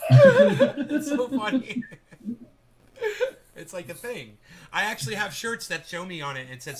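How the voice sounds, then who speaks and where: A man's voice: high voice, very animated, normal speed, pauses often. A male podcast host chatting casually, rambling, laughing and swearing freely. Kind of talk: casual chat on a live audio room.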